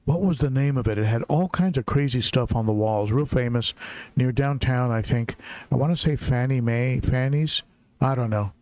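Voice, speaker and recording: A man's voice: mid-range voice, moderate pace, a little mellow, no echo. Man, middle-aged, livestream host, casual chat, reads out viewer names, dry close sound. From Southern California. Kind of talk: casual live-stream greetings. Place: home, in Tennessee.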